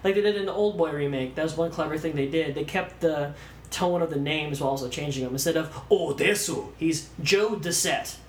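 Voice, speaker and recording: A man's voice: a little high, quick pace. A man casually ranting about a movie on a podcast, swearing a lot and acting out scenes in mocking voices. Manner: animated, swearing, acts out lines in mocking voices. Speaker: podcast co-host. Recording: echoey room with faint background noise.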